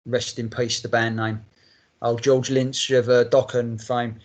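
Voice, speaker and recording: A man in a casual podcast chat, talking at a middle pitch. He swears freely and rambles with a fan's enthusiasm. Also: little pitch movement, measured pace. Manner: rambling, heavy swearing, enthusiastic fan talk. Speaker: podcast host.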